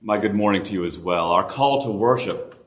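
A man leading a church congregation in a call to worship, reading scripture and praying in a solemn, measured way. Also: on the low side, a bit bright. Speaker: worship leader.

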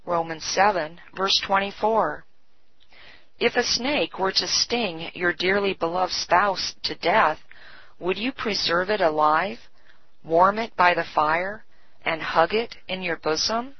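A woman giving a solemn, measured scripted devotional reading. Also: fairly low pitch, slightly rough. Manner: slow, solemn, measured delivery. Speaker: devotional reader. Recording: dull, dry lo-fi recording.

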